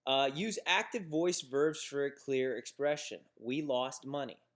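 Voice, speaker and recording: A male instructor giving a recorded lecture on business writing. He explains examples plainly, with restarts and fillers. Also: a little high.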